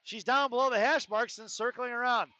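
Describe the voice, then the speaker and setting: A man calling a youth hockey game live in an ice arena, rapid play calling with joking asides. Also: extremely high pitch, steady tone, sharp tone, no echo. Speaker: play-by-play announcer. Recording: dull lo-fi arena stream with faint noise.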